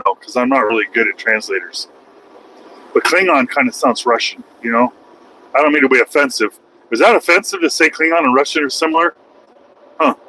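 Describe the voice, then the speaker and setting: A man's voice: mid-range voice, pushed and bright, a little hiss or hum, low-quality recording. A man vlogging while driving his truck, rambling in a folksy, self-mocking way. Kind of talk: casual driving vlog. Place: truck cab on highway.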